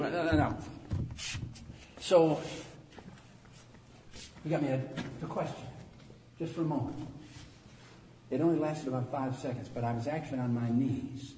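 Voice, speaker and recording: A pastor in his sixties preaching an animated sermon that swings from quiet talk to loud preaching, recorded in a church. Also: mid-range voice, moderate pace, long pauses, a little hiss or hum. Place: church sanctuary. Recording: echoey hall from far off.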